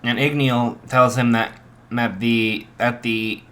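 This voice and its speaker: A young man improvising a fan story, halting with many restarts and fillers. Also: medium pitch, flat delivery, fairly bright tone.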